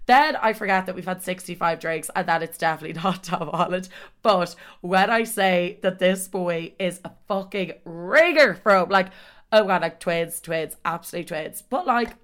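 A woman's voice: on the low side, normal speed, fairly bright tone. A young woman telling a gossipy story for a vlog, swearing and saying like constantly. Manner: gossipy, breathless, swears a lot, says like constantly. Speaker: vlogger.

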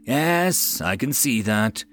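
A man's voice: fairly high pitch, steady tone, takes it slowly, gravelly, voice pushed up. Audiobook casting: a man playing a haughty fleet commander lady, clipped and demanding. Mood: commanding. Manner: curt, demanding, raised voice. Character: commanding noble lady fleet leader, imperious.

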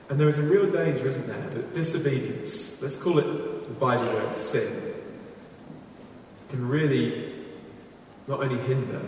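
A man preaching a sermon in a large church, earnest and storytelling, dropping to quiet emphasis on key points. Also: medium pitch, a little hiss or hum. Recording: echoey hall from far off.

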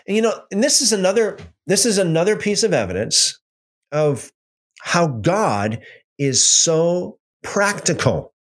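A man leading a casual Bible study, reading passages aloud and commenting with animated repetition. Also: high voice, unhurried. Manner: animated, repeats phrases for emphasis.

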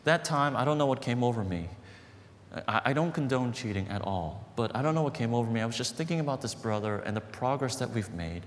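A male pastor preaches in an earnest, conversational storytelling way and leans hard on his key points. His voice sits at an everyday middle pitch. It rings out with a long reverb from a large hall, and faint noise runs underneath. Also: animated, fairly quick. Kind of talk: sermon storytelling.

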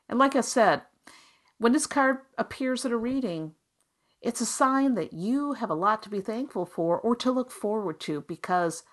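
Upbeat female tarot podcast host, chatty and encouraging, mid-pitched. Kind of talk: solo podcast talk.

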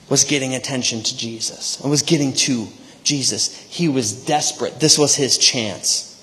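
A man's voice: medium pitch, fairly bright tone. Man preaching in a reverberant church. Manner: conversational preaching, frequent "right?" asides. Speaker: pastor. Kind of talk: sermon. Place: church sanctuary. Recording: long church hall reverb.

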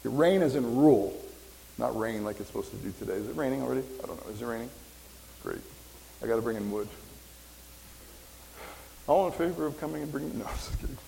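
A man's voice: mid-range voice, lively intonation, fast, creaky, pauses often, dark tone, slight background noise. A man in his fifties, a pastor preaching a casual, rambling sermon and joking with the congregation. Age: 50s. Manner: rambling, conversational, jokes with congregation. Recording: reverberant hall.

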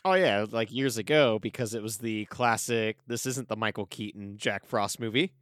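A man's voice: lowish voice, normal speed, fairly bright tone, clean tone, no echo, studio quality. A man co-hosting a casual movie podcast, rambling with many fillers. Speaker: podcast co-host. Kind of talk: casual movie review chat.

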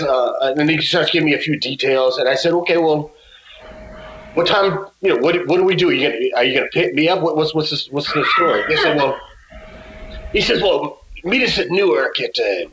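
Male guest, casual storyteller, a little high-voiced, halting with restarts, roomy echo. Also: fairly bright tone, a little hiss or hum. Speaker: guest musician.

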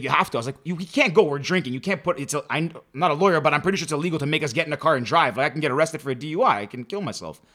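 A young man from Canada, co-hosting a podcast, telling an animated story with his mother and laughing along the way. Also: fairly high pitch. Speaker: podcast co-host. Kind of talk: casual storytelling chat.

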